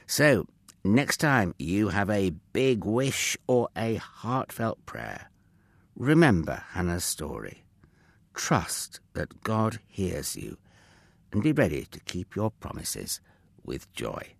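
A man narrating a Bible story for children in an expressive, gentle way, speaking directly to young listeners. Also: low-pitched, gravelly, no room sound.

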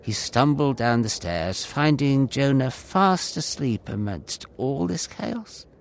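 A man narrating a Bible story in a dramatic, expressive storytelling manner. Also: mid-range voice, slow pace, vocal fry, a little hiss or hum.

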